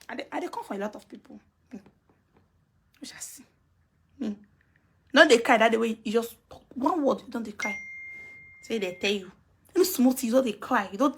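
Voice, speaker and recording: Woman with a Nigerian Pidgin accent, high and bright, taunting rant streamed on a live video. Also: slightly rough. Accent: Nigerian Pidgin English. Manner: scolding, taunting, repeats herself.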